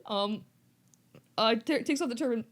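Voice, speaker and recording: Playful young woman retelling a story. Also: on the high side. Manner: playful, acts out characters in quick voices. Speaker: podcast co-host. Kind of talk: casual retelling of a book.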